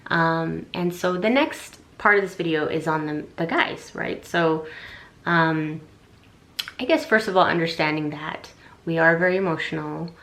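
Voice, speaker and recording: A woman's voice: deep voice, a little slow, fairly bright tone. A young adult woman giving casual relationship advice on a vlog, rambling and chatty with lots of fillers and restarts. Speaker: relationship vlogger.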